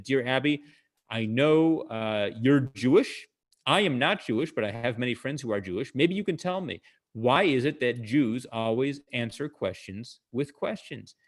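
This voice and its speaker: A man talks through jokes and stories in a relaxed, conversational way, recorded over a video call. He pauses on fillers and stops to explain his punchlines, like a comedian teaching an audience. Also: medium pitch. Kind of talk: casual storytelling talk over video call.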